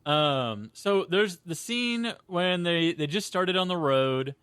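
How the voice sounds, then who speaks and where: A young adult man co-hosting a casual film-review podcast, animated, acting out lines he quotes and swearing casually. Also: sits high, takes it slowly, clear, resonant tone, no echo. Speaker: podcast co-host.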